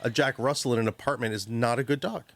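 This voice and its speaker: A man talks through dog training on a radio program, his voice sitting in a middle register. He's animated and chatty, acting out owners and dogs as he goes. The studio sound is close and dry. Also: medium pitch, quick pace, no room sound. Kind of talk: radio call-in advice. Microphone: studio microphone.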